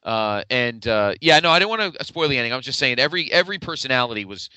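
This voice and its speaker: Brief: bright, animated, quick-talking podcast cohost, excitable and crude. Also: male voice, medium pitch, clean tone, no echo. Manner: enthusiastic, profane, acts out quotes. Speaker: podcast co-host. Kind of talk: casual wrestling recap chat.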